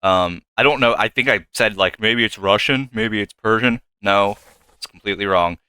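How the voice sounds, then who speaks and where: Bright-voiced young man musing over a game. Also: fairly low pitch, normal speed, smooth, no echo. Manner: thinking aloud, hesitant, with sudden excited jumps. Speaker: gameplay commentator. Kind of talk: let's play commentary. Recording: faint game music behind.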